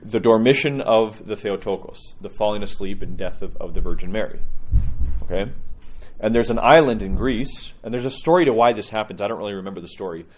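Priest, male, low voice, informal sermon storytelling with frequent restarts, dull lo-fi recording. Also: fairly quick. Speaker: Orthodox priest.

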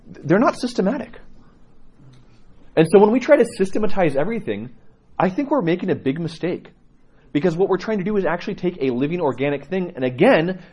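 Animated husky-voiced priest teaching. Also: male voice, fairly high pitch. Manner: conversational, animated storyteller with laughs. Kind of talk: teaching talk to a congregation.

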